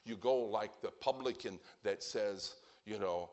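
A man preaching a sermon, emphatic and animated, acting out the people he quotes. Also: on the low side, normal speed, few pauses. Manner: emphatic, acts out quoted speakers with a lively voice.

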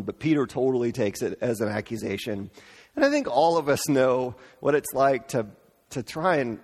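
Casual preacher in a reverberant hall. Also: male voice, medium pitch. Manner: informal, animated, acts out quotes playfully. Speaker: pastor. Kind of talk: casual conversational sermon.

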